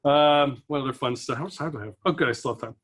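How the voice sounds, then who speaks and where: A man's voice: mid-range voice, fast talker. A young man doing stand-up, telling stories, acting out voices and laughing at his own jokes. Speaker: stand-up comedian. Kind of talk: stand-up comedy storytelling.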